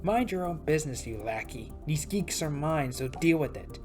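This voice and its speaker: A cold young female duelist sneers every line, as a woman puts her on. Her voice is low and husky-edged in pitch. Faint music runs beneath. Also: expressive, moderate pace. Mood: scornful.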